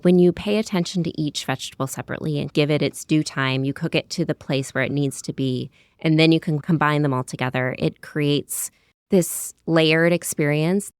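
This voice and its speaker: Her low-pitched, smooth voice moves at a normal speed with no echo. She's an American cookbook author in her thirties, talking conversationally in an interview and filling her descriptions with "like" and "you know" asides.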